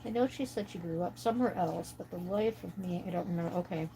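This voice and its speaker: A woman's voice: on the low side, fast, vocal fry, dark tone, slight background noise, rough recording. Chatty American woman rambling on a livestream. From United States. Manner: rambling, chatty, talks to viewers' comments. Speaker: livestream host. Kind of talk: casual chat while coloring.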